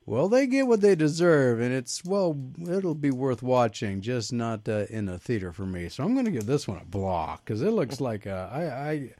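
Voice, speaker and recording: A man's voice: medium pitch, moderate pace, few pauses, no room sound. A man co-hosting a casual movie review panel, teasing the others and passing the turn around. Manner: lively, teasing, leads the rounds.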